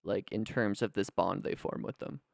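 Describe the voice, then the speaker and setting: A man's voice: on the low side, moderate pace, gravelly, dry recording, studio quality. A man co-hosting a casual film podcast, musing and laughing often. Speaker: podcast co-host. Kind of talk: casual chat.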